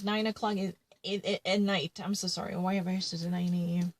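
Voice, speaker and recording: A woman's voice: mid-range voice, brisk, hardly any pauses, sharp tone, dry recording, rough recording. A woman retelling a true crime case in casual commentary, rambling and full of fillers and self-corrections.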